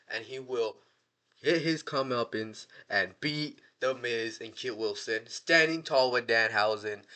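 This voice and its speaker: Excitable man ranting on a vlog. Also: medium pitch. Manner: excitable, slangy, rambling with restarts. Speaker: wrestling fan vlogger. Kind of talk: casual prediction rant.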